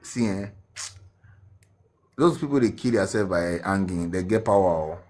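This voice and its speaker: Deep-voiced Nigerian man recounting. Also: lively intonation, a little mellow. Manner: earnest, mixes Pidgin, halting restarts. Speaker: guest telling his story. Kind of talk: emotional personal testimony.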